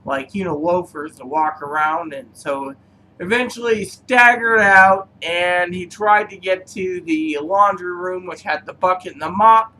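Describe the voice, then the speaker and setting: A man with a high, sharp-edged voice tells meandering personal stories between cigar notes. He hesitates often, filling gaps with "um" and "so", and drifts from one anecdote to the next. A faint background hiss sits under his talk. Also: low-quality recording. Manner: meandering, halting, full of fillers. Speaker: cigar reviewer. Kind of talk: rambling personal storytelling.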